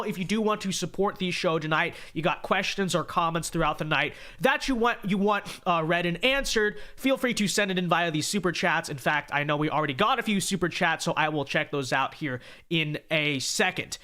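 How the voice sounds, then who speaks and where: Male live-stream host, a bit stuffed up, high and bright, sarcastic, talks to chat. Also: normal speed, hardly any pauses. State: congested.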